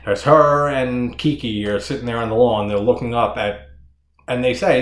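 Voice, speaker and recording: A man's voice: medium pitch, moderate pace. A man reviewing a horror movie in casual, rambling talk, swearing often and laughing as he goes. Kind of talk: casual solo movie discussion. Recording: echoey room.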